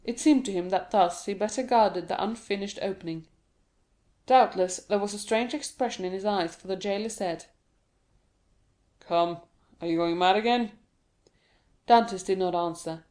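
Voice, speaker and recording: A woman reading an audiobook of a classic novel in a steady, even narration. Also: medium pitch, a little fast. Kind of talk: scripted narration.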